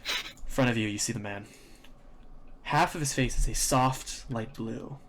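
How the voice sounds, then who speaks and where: A man running a tabletop game as game master, narrating in slow, drawn-out descriptions. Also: mid-range voice, a bit bright, slight background noise. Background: faint music.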